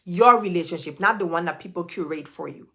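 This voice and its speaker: A woman's voice: on the low side, fairly quick, sharp tone. An emphatic woman coaches her live viewers in a preachy, motivational way. She hammers her points home by saying them twice, sometimes three times. She talks straight to the audience as their business coach. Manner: emphatic, repeats key phrases, preachy.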